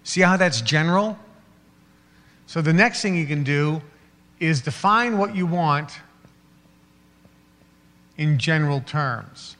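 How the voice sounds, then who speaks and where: A man's voice: fairly high pitch, lively intonation, slow, long pauses, a bit bright, long reverb tail. A man giving a motivational seminar talk, acting out little scenes in quoted voices and laughing along with them. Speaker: motivational speaker.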